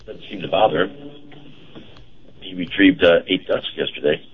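A man co-hosting a casual radio show. He talks in a halting, chatty way with many fillers. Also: deep voice, a little hiss or hum. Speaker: radio co-host and car dealer. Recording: dull lo-fi radio broadcast.

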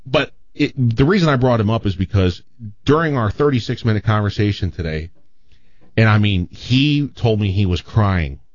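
A man's voice: fairly low pitch, normal speed, no room sound, lo-fi sound. A man hosting a radio show in casual chat, telling a story with many restarts. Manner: rambling with restarts, animated joke telling.

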